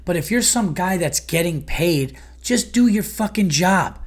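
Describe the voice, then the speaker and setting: A man's voice: high voice, animated, measured pace. A comedian and podcast host ranting in a heated, profane, exasperated monologue about his day.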